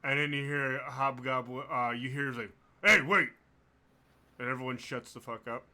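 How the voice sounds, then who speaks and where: A man runs a tabletop game in a bright, lively tone. His delivery is loose and chatty, full of little restarts and easy laughter. His pitch sits in the middle range. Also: fairly quick. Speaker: game master.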